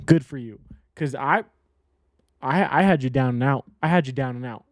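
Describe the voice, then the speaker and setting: A man's voice: a little high, dark tone, no echo, studio quality. A man hosting a casual solo sports betting podcast, blunt and rambling, repeating himself and swearing now and then.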